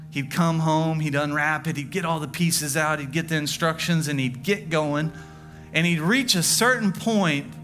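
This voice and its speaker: A man in his thirties preaching a sermon, telling a family story with slow, deliberate emphasis. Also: a little high, fairly bright tone. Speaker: pastor. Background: music.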